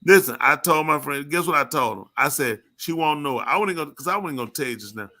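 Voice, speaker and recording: A man hosting a talk show, telling a story in an animated way, keeps saying "listen" and acting out what people said. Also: on the high side, a little fast, background noise. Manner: excitable, repeats "listen", acts out quotes. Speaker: podcast host. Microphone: studio mic.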